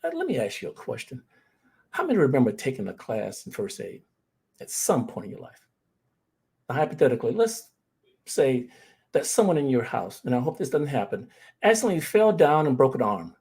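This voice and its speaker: A man's voice: mid-range voice, wildly swooping pitch, fairly quick, gravelly, darkish tone, husky. A man giving an earnest presentation on grief, telling personal stories and speaking to the audience as family. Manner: earnest, addresses the audience as "fam".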